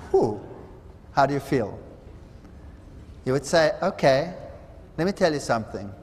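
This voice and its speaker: A man preaching a seminar sermon, telling parables with dramatic voices for the people in them. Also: sits high. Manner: dramatic storytelling, acts out quoted voices. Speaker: seminar speaker. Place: large hall. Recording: reverberant hall.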